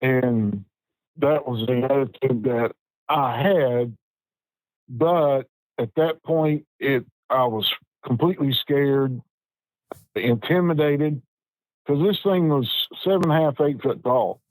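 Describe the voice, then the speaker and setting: Guy in his 50s, plain spoken storyteller, dry sound, middle pitch. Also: darkish tone, no echo, low-quality recording. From West Virginia. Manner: unhurried, plain-spoken storytelling with frequent restarts. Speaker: podcast guest. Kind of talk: personal storytelling.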